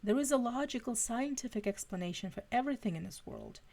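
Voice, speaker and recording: A woman's voice: fairly high pitch, expressive, fast talker, gravelly, a little mellow, voice pushed up. A woman voicing a cool, firm, skeptical female FBI agent who speaks in a clipped way.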